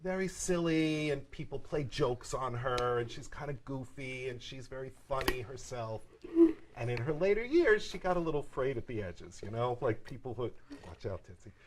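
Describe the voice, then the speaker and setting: A middle-aged man telling family stories in a casual chat, animated, jumping into voices for other people. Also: mid-range voice, normal speed, a little hiss or hum. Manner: animated, jumps into voices for characters. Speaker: storyteller in a family conversation. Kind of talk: casual storytelling.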